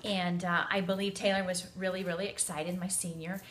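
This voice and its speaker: A woman in her forties telling a family story in a chatty, animated way, acting out the quotes. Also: fairly low pitch, fairly quick. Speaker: parenting vlogger. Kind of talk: casual storytelling to camera.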